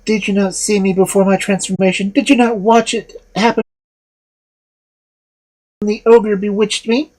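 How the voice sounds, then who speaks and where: A storyteller voicing a bewitched young woman who speaks in a proud, reproachful, commanding way, slightly husky. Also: medium pitch, flat delivery, moderate pace, long pauses, darkish tone, voice pushed up, natural voice, low-quality recording. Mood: accusing.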